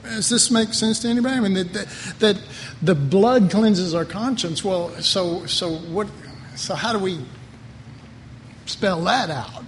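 A middle-aged man preaches in a high voice, casual and rambling, often circling back over his own words. His voice carries a long hall reverb, with a faint wash of ambient noise under it. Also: unhurried. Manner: rambling, conversational, repeats words. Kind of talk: sermon.

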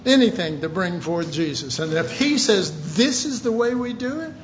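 A man preaching a sermon, reading scripture aloud and pressing his points with emphatic, sometimes shouted questions. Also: sits high, animated, normal speed, muffled recording, a little hiss or hum. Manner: reads scripture aloud in King James wording.

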